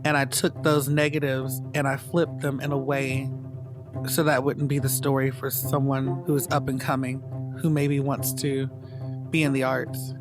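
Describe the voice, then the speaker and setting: Reflective man over soft guitar. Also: mid-range voice, little pitch movement. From North Carolina, US. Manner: reflective, measured storytelling. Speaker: dance company founder. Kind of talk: documentary interview storytelling. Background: soft guitar music.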